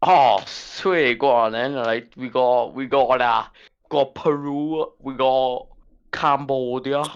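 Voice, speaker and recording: A man's voice: medium pitch, fairly even intonation, slow pace, clean tone. Blunt man on lo-fi call audio. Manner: crude, blunt banter. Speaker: guest. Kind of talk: casual podcast chat. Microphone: online call connection.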